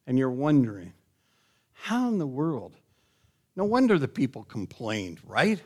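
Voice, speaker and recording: Here a middle-aged man delivers a sermon as pastor, questioning his congregation and rising into loud, forceful appeals. His pitch is medium.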